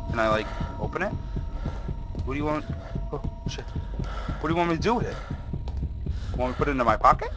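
A gaming video host, a young man with a mid-range voice, records horror game let's play commentary through a headset. He's jumpy and swears under his breath as he talks to viewers. The recording is rough.

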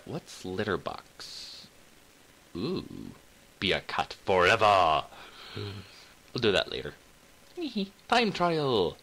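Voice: medium pitch, fairly bright tone, a little hiss or hum, rough recording. Giggly, sing-song game commentator. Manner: playful and giggly, sing-song bits and cat noises; talks as the cat, with mock outrage. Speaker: gameplay commentator. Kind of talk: let's play commentary.

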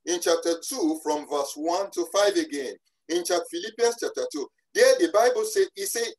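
A preacher delivers a sermon at a church service. The voice is emphatic and slows deliberately on key phrases. The speaker often restarts and repeats words mid-sentence. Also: mid-range voice, lively intonation, darkish tone, low-quality recording.

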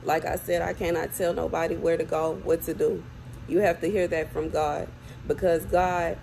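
A woman's voice: deep voice, vocal fry, a little mellow, a little hiss or hum, poor audio. A woman crying as she urgently warns her viewers, repeating phrases over and over. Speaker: self-described prophet. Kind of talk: tearful warning to viewers. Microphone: phone or camera close up.

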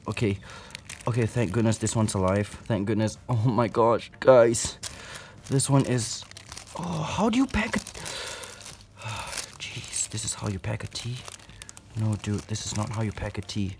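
Young man, lowish voice, casual vlog, exasperated, loud then whispering, phone mic, faint background noise. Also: slow pace. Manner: exasperated, swinging from loud outbursts to hushed whispers. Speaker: tarantula keeper unboxing a delivery. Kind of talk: unscripted phone-filmed vlog. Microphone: handheld phone.

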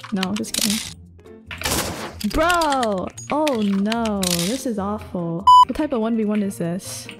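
A woman giving casual, excitable commentary over her own gameplay, laughing and exclaiming often. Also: mid-range voice, slow pace, loud music behind the voice. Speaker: gaming YouTuber.

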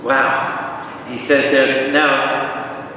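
A man, a priest, teaching a lively Bible study and quizzing his audience, recorded from a distance in a large room. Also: medium pitch, very slow, slight background noise. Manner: asks the audience questions, spells out words, animated. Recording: echoey hall from far off.

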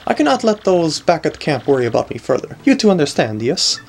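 A man's voice: on the high side, very animated, a little fast, a little hiss or hum. A man reading a game's dialogue aloud, voicing a pompous, wealthy nobleman who is haughty, scornful and grandiose.

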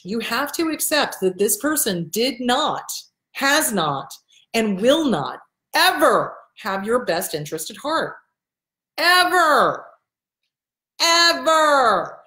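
A woman's voice: on the high side, very animated, unhurried, fairly bright tone, echoey room. A woman counselor talking casually to her viewers, blunt and emphatic, repeating her key points and swearing now and then. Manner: acts out quoted people in a shifted voice. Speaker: host and counselor answering viewer questions. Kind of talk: casual advice talk to camera. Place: indoors in front of a backdrop.

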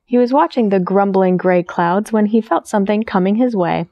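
A young woman who works as a children's librarian, reading a picture book aloud in a friendly, gentle, teacher-like way. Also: medium pitch, normal speed, lo-fi sound, slight background noise. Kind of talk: storytime read-aloud for children.

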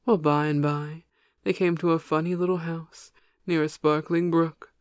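A reader narrating a children's storybook in a flat, even way. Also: mid-range voice, normal speed, no echo, clean studio sound. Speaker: audiobook reader.

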